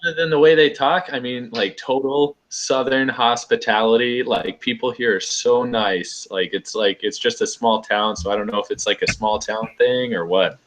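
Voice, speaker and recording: A man's voice: medium pitch, fairly even intonation, normal speed, hardly any pauses, fairly bright tone. A young man chatting casually on a video call, laid-back and rambling, filling his talk with "like" and laughing easily. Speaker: host.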